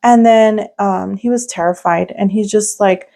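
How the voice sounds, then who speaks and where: A woman's voice: medium pitch, steady tone, unhurried, creaky, dark tone. Young woman rambling through a story. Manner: rambling, many "like" fillers and restarts. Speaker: podcast co-host. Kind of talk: casual storytelling chat.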